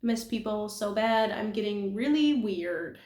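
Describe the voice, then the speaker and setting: A woman's voice: mid-range voice, lively intonation, a little slow, darkish tone. A young woman from California chatting casually to her viewers, rambling with frequent giggles and self-deprecating asides. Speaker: nail artist vlogger. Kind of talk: casual chat. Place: apartment room. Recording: echoey room.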